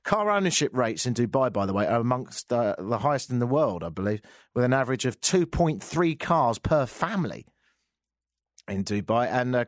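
Man, radio host, wry rambling chat, lively swooping pitch, dry close sound. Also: dry recording. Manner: wry, rambling, mutters asides. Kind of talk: casual news chat.

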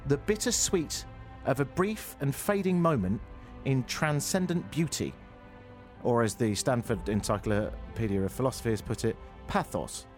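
A man's voice: mid-range voice, expressive, normal speed, soft background music. A young man in his twenties, co-hosting a casual radio chat, playful and jokey, stumbling over foreign words. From England. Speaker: radio co-host.

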